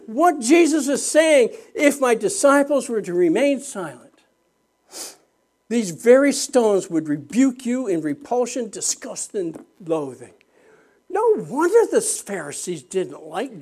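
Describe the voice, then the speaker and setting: An older man preaching a sermon as pastor, fervent and rising to shouts, with restarts and self-mocking laughs. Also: high-pitched.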